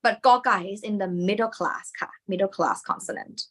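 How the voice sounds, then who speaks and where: A woman's voice: mid-range voice, very fast. A woman with a Thai accent teaching a live online lesson, explaining step by step and dropping Thai particles into her English.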